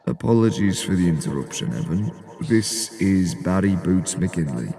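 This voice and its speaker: Smug, gravelly rival-club spokesman. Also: deep voice, big pitch swings, normal speed, crowd noise, pitched below the performer's own voice, full character voice. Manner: pompous, gloating, formal. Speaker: mock football club spokesman.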